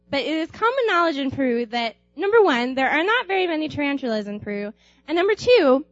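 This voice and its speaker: A young woman telling a personal anecdote aloud in an animated way, laughing often and acting out screams. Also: sits high, dry recording, muffled recording. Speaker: storyteller.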